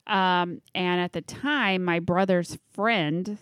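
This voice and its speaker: A middle-aged woman tells a story in casual conversation, acting out the other voices and swearing freely. Her voice sits a little low and is recorded dry and close. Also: slow pace, a bit bright, dry recording. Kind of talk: casual chat.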